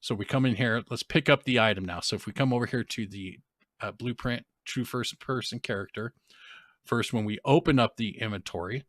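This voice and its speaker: A man's voice: mid-range voice, brisk, fairly bright tone, no room sound, clean studio sound. A man giving a live-streamed game development tutorial, talking loosely with many restarts and fillers. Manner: rambling, restarts and fillers, informal grammar.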